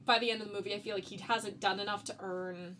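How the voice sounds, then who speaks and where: A woman's voice: mid-range voice, steady tone, quick pace, sharp tone, a little hiss or hum. A woman co-hosting a podcast in casual chat, swearing freely and laughing often. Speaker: podcast co-host.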